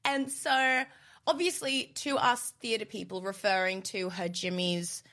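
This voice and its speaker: A woman's voice: medium pitch, fairly even intonation, measured pace, fairly bright tone. A young woman co-hosting a podcast, telling stories in a chatty way with lots of fillers and quoted voices. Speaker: podcast co-host. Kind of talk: casual chat.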